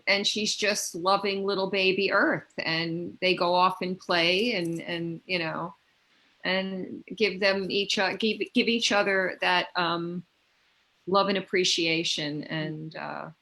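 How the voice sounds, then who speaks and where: A woman speaking as a guest in a spiritual conversation, gentle and heartfelt, often restarting her sentences. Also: fairly low pitch, steady tone, slow pace, rough recording.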